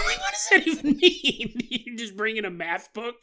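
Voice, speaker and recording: A man's voice: very high-pitched, wildly swooping pitch, normal speed, sharp tone. A man hosting a podcast, riffing through a comedic monologue and laughing often as he acts out silly scenes. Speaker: podcast host.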